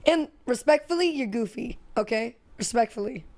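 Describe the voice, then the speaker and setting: A woman's voice: a little high, animated, a little slow, a little mellow. Giggly, tipsy young woman streamer. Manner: rambling and giggly, full of "like". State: drunk. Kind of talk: casual chat.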